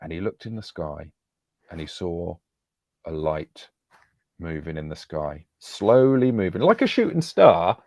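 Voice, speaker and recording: Brief: male co-host, low voice, easygoing storyteller, very dry close-mic sound. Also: big pitch swings, a little slow, a little mellow, dry recording. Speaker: podcast co-host. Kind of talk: storytelling on a live podcast stream.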